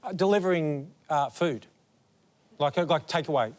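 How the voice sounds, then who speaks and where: A man's voice: on the high side, moderate pace, a little mellow. A man captaining a team on a TV panel show, amused and quizzing the other players.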